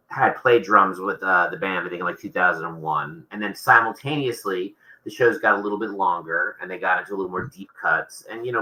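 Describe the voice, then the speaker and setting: A man's voice: fairly low pitch, sharp tone, rough recording. A man, an author being interviewed, talking casually and rambling with many restarts.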